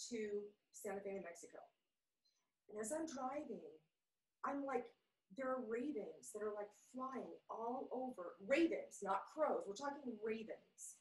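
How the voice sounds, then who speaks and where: A woman telling a spiritual story in a casual, animated way, playing the voices of people in it. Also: a little high, far from the mic. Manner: animated, playful, acts out voices in her stories. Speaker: guest storyteller. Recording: echoey room, voice a bit off-mic.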